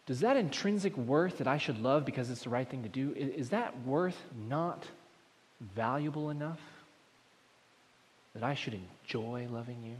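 Man preaching in a big echoing hall, average pitch, animated, drops to quiet asides. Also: moderate pace. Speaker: pastor. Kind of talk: sermon. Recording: long hall reverb.

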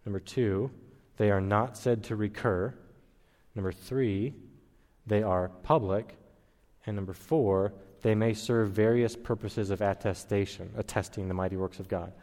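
A man's voice: lowish voice, measured pace, darkish tone, in a large hall. A man preaching an expository sermon, teaching in a methodical way and counting off his points one by one. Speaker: pastor.

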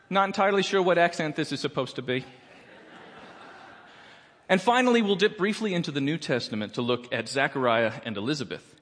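Man, slightly high voice, wry stand-up comedy, echoing church hall. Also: animated, fairly quick, fairly bright tone. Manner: wry, playful delivery with comic voices. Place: church auditorium.

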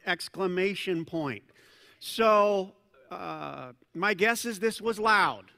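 A male pastor preaching a sermon in a conversational, animated way, with asides and self-corrections. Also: high-pitched, slow pace, gravelly. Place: church sanctuary. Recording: long reverb of a large church hall.

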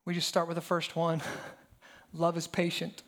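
A man's voice: fairly high pitch, completely flat delivery, a little slow. A pastor in his thirties preaching a sermon, telling stories animatedly and firing rhetorical questions at the congregation.

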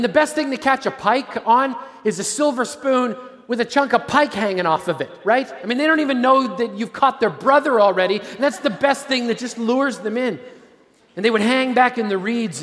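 Male preacher, earnest sermon delivery, falls to hushed tones to drive points home, high-pitched. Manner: earnest, repeats and restarts, drops to a low hush for emphasis. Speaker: pastor. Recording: long hall reverb.

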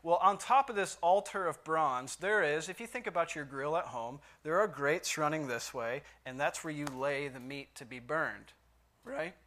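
Guy teaching a bible study, kinda high voice, talks like a chat, keeps asking you questions. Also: moderate pace, fairly bright tone, a little hiss or hum. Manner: conversational, asks the listeners questions, reads scripture aloud with emphasis.

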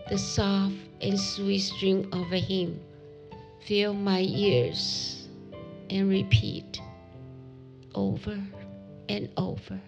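A mother reading her testimony in a gentle, sorrowful storytelling voice. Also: medium pitch, drawn-out words, creaky, pauses often, music in the background. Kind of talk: read testimony narration.

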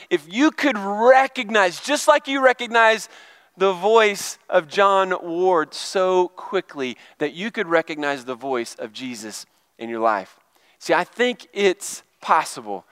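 A man's voice: high-pitched, fairly bright tone, clear, resonant tone, dry recording. A middle-aged male pastor giving a chatty, conversational sermon and asking the congregation questions. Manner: chatty, asks the crowd questions.

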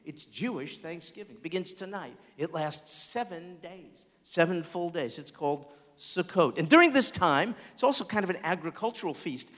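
A man preaching a sermon as pastor, expressive, with large swings in loudness. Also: a little high, normal speed, few pauses. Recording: long hall reverb.

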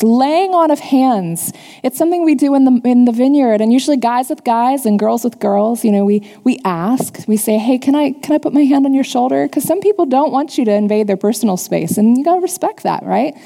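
A woman preaching a sermon in a relaxed, conversational way, with quick asides and the odd laugh. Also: a little high. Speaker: pastor. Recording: long hall reverb.

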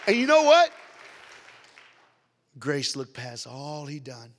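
An American man giving an energetic youth sermon as a guest preacher, animated and laughing often, swinging from hushed lines to loud ones. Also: on the high side, takes it slowly, pauses often, some chatter behind, a little hiss or hum. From United States. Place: large church hall. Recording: long hall reverb.

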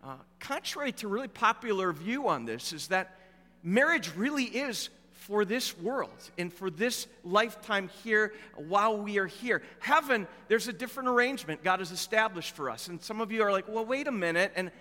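Middle aged pastor guy, chatty sermon, kinda high voice, long echo in the church. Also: lively intonation, normal speed, sharp tone. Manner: storytelling, conversational with fillers. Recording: echoey church hall with long reverb.

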